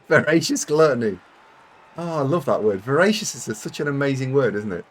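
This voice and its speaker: His voice is a little high with big pitch swings, delivered at normal speed. He's a British man streaming a game, rambling to viewers, laughing a lot, and poking fun at himself.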